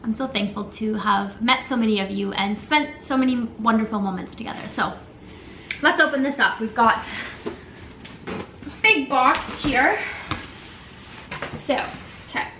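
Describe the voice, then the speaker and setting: A woman's voice: a little high, measured pace, long pauses, pushed and bright, a little hiss or hum. A young woman vlogger chatting casually while unboxing gifts, gushing and emotional, with lots of fillers and a tearful edge. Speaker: lifestyle vlogger. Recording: echoey room with faint ambience.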